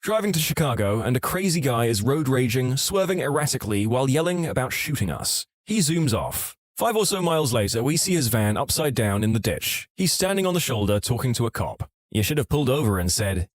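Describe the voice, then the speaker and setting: A man reading online stories aloud as scripted narration, with a steady storytelling delivery. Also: medium pitch, fairly quick, few pauses, dry recording, studio quality.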